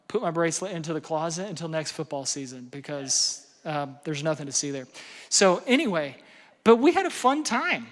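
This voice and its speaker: A middle-aged man giving a casual parenting seminar, conversational and self-deprecating, with lots of fillers and "right?" checks. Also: high-pitched. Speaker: parenting workshop speaker. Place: large hall before an audience. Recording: long hall reverb.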